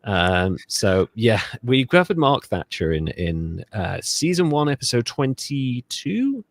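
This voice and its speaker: A man's voice: medium pitch, very animated, takes it slowly. A man from Britain co-hosting a history podcast, telling the story in a sardonic, profane, rambling way. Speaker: podcast co-host. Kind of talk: casual podcast chat.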